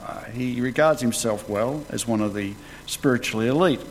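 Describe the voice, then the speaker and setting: A man preaching a conversational sermon, retelling scripture as a lively story in colloquial words. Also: mid-range voice, normal speed. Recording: long hall reverb, faint background noise.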